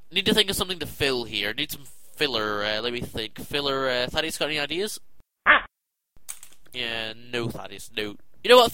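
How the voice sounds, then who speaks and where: A young man chatting casually about video games, excitable and rambling with lots of fillers. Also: fairly high pitch, no room sound, low-quality recording. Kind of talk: casual rambling game chat.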